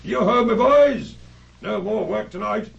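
A man's voice: high-pitched, measured pace, gravelly, voice pushed up, heavily acted. A man voicing a stout, jovial old male merchant with a rich, oily voice, calling out heartily in a storybook reading. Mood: hearty. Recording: dull lo-fi recording, off-mic.

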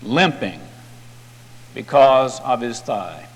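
Brief: male preacher, slow and dramatic storytelling, fairly high voice, long hall reverb. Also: lively intonation. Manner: dramatic, vivid retelling.

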